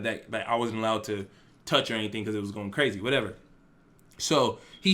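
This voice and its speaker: A man's voice: mid-range voice, pushed and bright. A young man telling a storytime vlog in a casual, slangy, profane way, with lots of animation. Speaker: vlogger.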